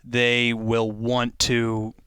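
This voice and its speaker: A man's voice: mid-range voice, completely flat delivery, extremely slow, bright, forceful tone, clear, resonant tone, no room sound. A man interviewing a voice actor, asking long, curious, conversational questions.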